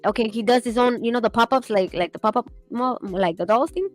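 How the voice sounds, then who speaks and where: A woman's voice: fairly high pitch, brisk, soft background music, poor audio. A young woman streaming while she sketches, chatting casually, rambling and laughing, swearing now and then.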